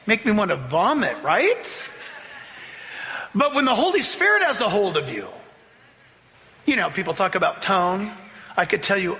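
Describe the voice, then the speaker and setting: A high, very bright male voice preaches with lively, swooping pitch and sharp emphasis. He slows down to read scripture and breaks into mocking voices. Long reverb from the church sanctuary trails each phrase. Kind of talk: sermon.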